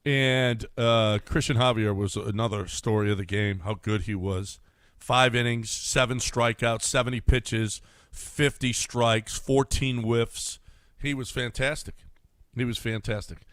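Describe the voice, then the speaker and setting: A man's voice: mid-range voice, steady tone, measured pace, fairly bright tone, smooth, dry recording, studio quality. A man hosting a sports radio show, chatty and easy-going, laughing often and trailing off as he talks. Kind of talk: casual sports talk. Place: radio studio. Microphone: studio mic.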